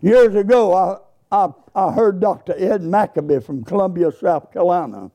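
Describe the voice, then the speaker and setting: A man's voice: sits high, moderate pace. A man preaching a sermon, telling folksy stories and rising into bursts of praise. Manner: folksy storytelling, rising to exuberant shouts of praise. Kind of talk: sermon with storytelling.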